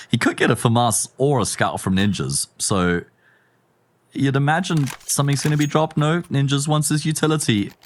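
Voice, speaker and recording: A male esports caster with a South African accent, doing lively play-by-play with chatty banter. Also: fairly low pitch. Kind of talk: play-by-play commentary.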